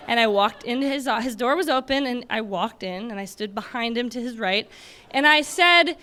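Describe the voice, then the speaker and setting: A young woman from Michigan telling a personal story on stage, animated and laughing often as she acts out the moments. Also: on the high side, normal speed. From Michigan, USA. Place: stage before a live audience.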